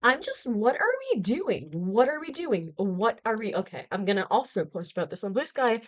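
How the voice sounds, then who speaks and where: A woman's voice: mid-range voice, big pitch swings, normal speed, few pauses. A woman hosting a live hockey reaction stream, exclaiming and laughing in alarm as she reacts to team news. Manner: panicked, exclaiming, laughing, repetitive.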